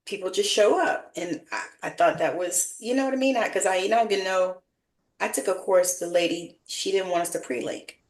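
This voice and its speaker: Enthusiastic woman host, mid pitch. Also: brisk, reverberant. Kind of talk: casual interview chat.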